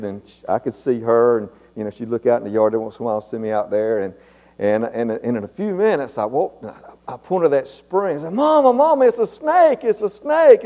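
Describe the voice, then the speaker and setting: A man's voice: medium pitch, a little mellow. A man, preaching a sermon in a folksy, earnest way and often repeating his words. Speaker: pastor. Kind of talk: sermon storytelling. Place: church sanctuary. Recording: long church reverb.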